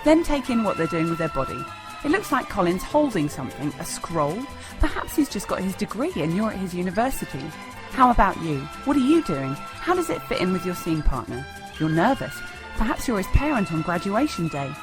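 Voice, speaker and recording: A woman teaching improv comedy in a bright, demonstrative instructional narration. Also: mid-range voice, wildly swooping pitch, fairly quick, over music. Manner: bright, demonstrative, sing-song.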